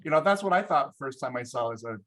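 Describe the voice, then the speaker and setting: A man's voice: medium pitch, animated, rapid-fire, a bit bright. Brief: man, casual course presenter, chuckling, filler-heavy storytelling. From Samoa.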